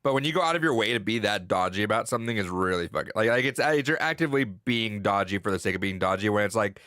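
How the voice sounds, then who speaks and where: A man's voice: on the low side, expressive, quick pace, bright, forceful tone, dry recording, studio quality. A man co-hosting a casual podcast who comments emphatically and swears. He restarts his sentences often as he works through his thoughts. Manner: emphatic, profane, restarts a lot while thinking aloud. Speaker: podcast co-host.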